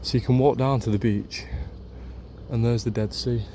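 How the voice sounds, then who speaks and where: A man's voice: medium pitch, steady tone, normal speed, mellow, a little hiss or hum. A man from Leeds with a Yorkshire accent, gushing in a casual travel vlog to a handheld camera and repeating his phrases. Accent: Yorkshire English. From Leeds, England. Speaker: travel vlogger.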